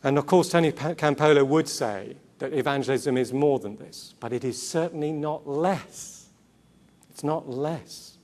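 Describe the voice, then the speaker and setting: Guy preaching at a church conference, higher-ish voice, earnest, lots of rhetorical questions and little asides. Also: darkish tone. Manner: earnest, rhetorical questions, repeats key words; quick asides and self-corrections. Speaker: conference speaker. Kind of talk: sermon-style talk to a Christian gathering.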